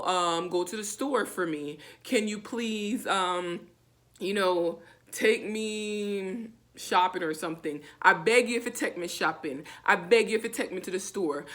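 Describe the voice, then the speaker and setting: A woman with a Jamaican accent giving a casual language lesson, repeating each phrase slowly with many fillers. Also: medium pitch, a bit bright. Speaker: language teacher vlogger.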